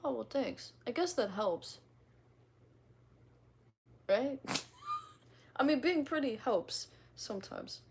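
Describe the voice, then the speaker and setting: A woman's voice: sits high, wildly swooping pitch, takes it slowly, long pauses, a little hiss or hum. A young woman from the Midwest with a slight twang, chatting casually and reading viewer comments on a livestream, rambling and giggly with casual swearing.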